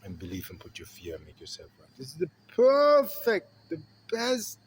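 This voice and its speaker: A man with a German accent, talking through a rambling podcast monologue and swinging between loud emphasis and quiet asides. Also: fairly high pitch, wildly swooping pitch, normal speed, breathy edge. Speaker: podcast host. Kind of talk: casual monologue.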